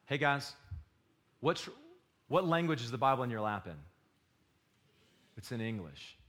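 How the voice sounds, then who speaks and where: A man preaching a sermon, swinging between loud exhortation and quiet confession. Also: mid-range voice, expressive, a little slow. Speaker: pastor.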